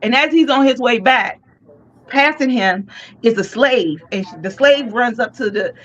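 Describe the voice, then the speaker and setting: A woman co-hosting a podcast, telling a story with lively, cursing slang. Her voice sits fairly high. The recording is dull and lo-fi. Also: a little slow. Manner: animated, profane, slangy retelling. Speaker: podcast co-host. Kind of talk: casual storytelling.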